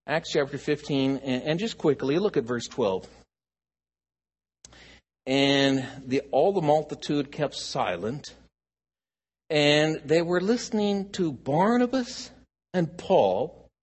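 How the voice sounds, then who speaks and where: A man preaching a sermon as pastor, animated, swinging from loud emphasis to near hush. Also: on the high side.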